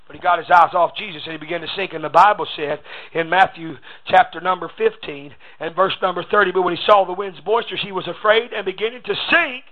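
A man preaching a sermon, starting each phrase with a rhythmic "uh" and breaking into shouted bursts. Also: sits high. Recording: phone-like raspy audio.

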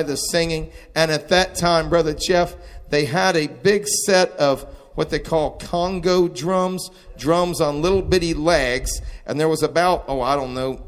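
A man preaching a testimony sermon, moving between quiet storytelling and shouted exclamations. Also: fairly high pitch, smooth. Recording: long hall reverb.

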